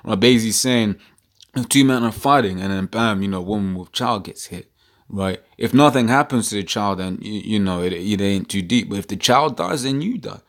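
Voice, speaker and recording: A man's voice: fairly low pitch, fairly quick. A man giving a casual scripture commentary as an online preacher, reading verses aloud and often stopping to ask "right?" between fillers. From United Kingdom. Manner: quotes scripture, many fillers and "right?" tags.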